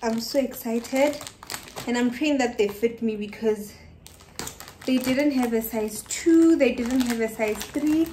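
A woman from South Africa filming a casual haul vlog at home, tired and short of breath, chatty and excitable, sometimes dropping to a whisper. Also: fairly high pitch, unhurried, a little hiss or hum. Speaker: vlogger.

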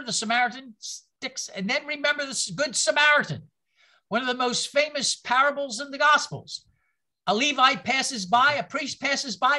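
A teacher leads a church history class with an informal, rambling lecture, packed with anecdotes, restarts and asides to the group. The voice is high-pitched, bright and forceful.

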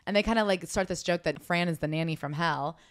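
A quick-talking young woman comedian co-hosting a podcast, riffing through a memoir recap with a lot of energy. Her voice sits a bit low, and the recording is close and dry. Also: dry recording. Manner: animated, acts out quotes, swears freely. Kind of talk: casual comedic book-club chat.

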